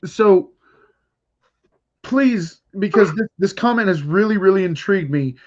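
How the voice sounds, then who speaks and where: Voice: mid-range voice, lively intonation, a little slow, highs cut off. An enthusiastic interview show host chatting with a guest and speaking to the viewers. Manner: enthusiastic, addresses the viewers directly. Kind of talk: casual interview hosting.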